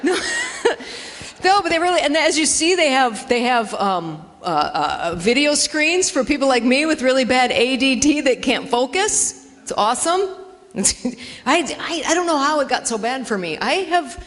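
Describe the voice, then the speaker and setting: A woman's voice: high voice, big pitch swings, measured pace, fairly bright tone. A woman doing a chatty, self-mocking stand-up set in a church hall, acting out dialogue in funny voices. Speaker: stand-up comedian. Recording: live in a reverberant hall.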